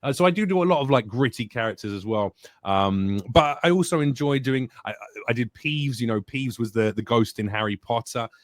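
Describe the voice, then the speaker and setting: A man in a casual podcast chat as an actor and voice-actor guest. He talks in an animated, expressive, jokey way. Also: medium pitch, a little fast, hardly any pauses, no echo.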